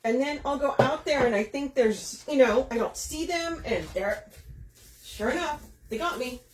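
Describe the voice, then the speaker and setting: A woman's voice: sits high, normal speed, a little hiss or hum. A chatty woman, hosting a live craft demo, talking to viewers by name and laughing often. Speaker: craft shop host. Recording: echoey room.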